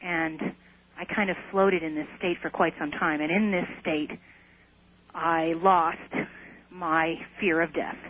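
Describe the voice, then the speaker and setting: A woman's voice: sits low, steady tone, slow pace. A woman guest in an interview, earnestly recounting a personal experience with some hesitant restarts. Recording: tinny phone line on radio.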